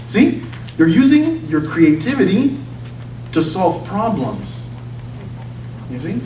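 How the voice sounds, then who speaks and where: A man's voice: high voice, sing-song, slow, long pauses, warm tone, distant mic, a little hiss or hum. A man giving an informal sermon-style talk in a church, speaking conversationally and often checking in with his listeners with "okay?" and "you see?". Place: church sanctuary. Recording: echoey church recorded from afar.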